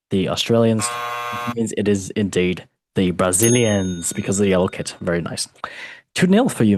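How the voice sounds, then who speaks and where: A man's voice: on the low side, a little mellow, slight background noise. A man hosting a football quiz, playful and teasing, calling his guest mate. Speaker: podcast host and quizmaster. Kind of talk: casual podcast chat.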